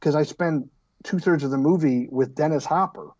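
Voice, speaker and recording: A man in his fifties, an actor guest on a casual podcast interview, telling stories in an animated, joking way and often restarting his sentences. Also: on the high side, moderate pace, highs cut off.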